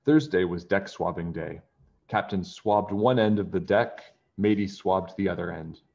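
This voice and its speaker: A man reading a children's pirate story aloud, expressive, with chatty asides to young listeners. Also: low voice, a little slow, gravelly, lo-fi sound. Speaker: children's book reader.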